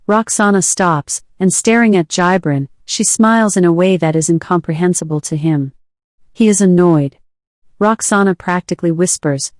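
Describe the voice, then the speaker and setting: A woman reading a short story aloud in a measured, even way. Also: on the low side, no echo, studio quality. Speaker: reader.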